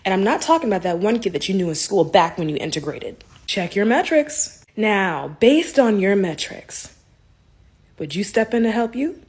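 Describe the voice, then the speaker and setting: A woman's voice: medium pitch, lively intonation, normal speed, a little mellow, slightly rough. A woman lecturing in a confrontational social media rant.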